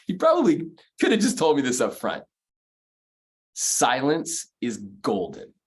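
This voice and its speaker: A man's voice: mid-range voice, huge pitch swings, slow pace, slightly rough. A man coaching mortgage professionals in a motivational sales training talk, speaking emphatically, repeating key phrases and counting off numbered points.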